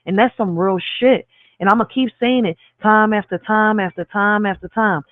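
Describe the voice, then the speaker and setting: A man's voice: high-pitched, fairly even intonation, moderate pace, no room sound, phone-quality sound. A man with a Spanglish accent hosting a casual live stream, speaking in short bursts and tagging lines with "all right?". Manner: peppers talk with "all right?" and "real shit". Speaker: livestream host.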